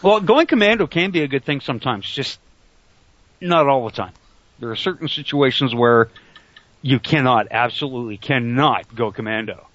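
The dull, lo-fi online call audio comes from a computer call mic, where a middle-aged man hosts a talk radio show online. Animated and fairly bright in a mid-range voice at a moderate pace, he rambles and jokes crudely in casual banter; the recording is dry.

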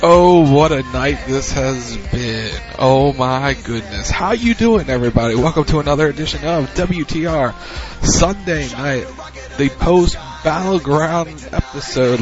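A man's voice: medium pitch, lo-fi sound. A man hosting a casual wrestling talk show over internet radio, loose and joking, often repeating himself. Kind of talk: casual chat.

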